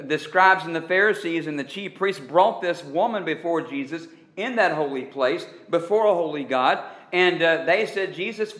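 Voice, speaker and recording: A man preaching a sermon who leans on dramatic pauses and draws out key words for emphasis. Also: fairly high pitch, a bit bright, echoey room. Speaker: pastor.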